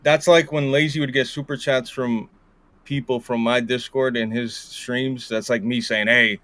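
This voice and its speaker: A man co-hosts a loose gaming podcast and reads viewer messages aloud. He teases his friends in a mid-pitched voice. The recording is dry and close, with no room sound. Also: fairly even intonation, moderate pace, fairly bright tone, no room sound. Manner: teasing, reads out super chats. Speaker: podcast co-host. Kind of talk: casual gaming podcast chat.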